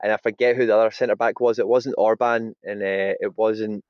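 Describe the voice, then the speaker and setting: A man's voice: fairly low pitch, steady tone, a little fast, no echo. A man talking football casually on a podcast, rambling and tagging "you know what I mean" onto his points. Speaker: podcast guest. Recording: dull dry sound.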